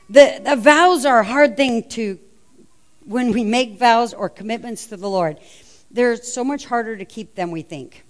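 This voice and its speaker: A woman preacher delivering a sermon, telling the story with animation and acting out the lines of the people in it. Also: a little high.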